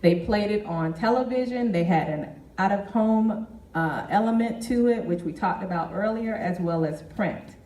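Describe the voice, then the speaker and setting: A woman's voice: medium pitch, mellow, far from the mic. Woman giving a keynote in an echoey hall. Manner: measured, addresses the audience directly. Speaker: keynote speaker. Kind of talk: business presentation. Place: meeting hall.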